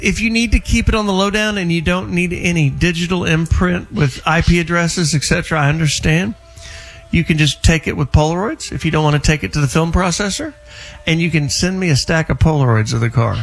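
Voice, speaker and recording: A male host of a call-in radio show, his voice sitting a bit high for a man. He talks loosely and jokingly, rattling through callers and car listings. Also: brisk, soft background music.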